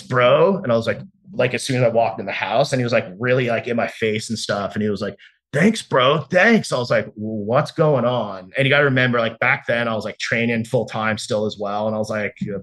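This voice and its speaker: Profane, rambling man telling a story. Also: fairly low pitch. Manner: loose and profane, heavy on "like", acts out quoted dialogue. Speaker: interview guest. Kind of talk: casual storytelling.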